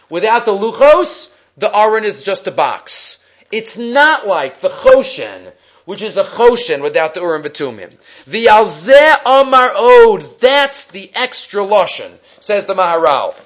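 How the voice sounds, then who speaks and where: High-voiced man teaching a Torah class. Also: muffled recording. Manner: animated, asks and answers his own questions; mixes Hebrew and Aramaic quotes into English.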